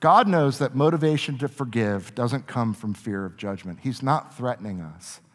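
A man preaching a sermon as a pastor, earnest, shifting between quiet reflection and forceful emphasis. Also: mid-range voice, lively intonation, moderate pace. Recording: long reverb of a large hall.

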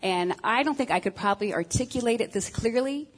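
A woman's voice: on the high side, lively intonation, brisk, slight background noise, rough recording. A woman giving a frank, self-deprecating talk on marriage to a group, with many ums and uhs. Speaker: speaker on marriage. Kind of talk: candid talk to a group of women.

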